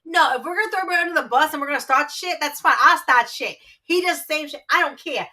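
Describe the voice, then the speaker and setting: A woman's voice: high-pitched, very fast, bright, forceful tone. A woman from New Jersey with a New Jersey accent, co-hosting a casual livestream with feisty, profane teasing. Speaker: co-host.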